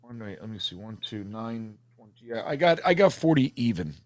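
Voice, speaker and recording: A man's voice: medium pitch, big pitch swings, fairly quick, no room sound. A man co-hosting a live sports fan stream, chatting in a teasing, laid-back way. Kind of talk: casual chat.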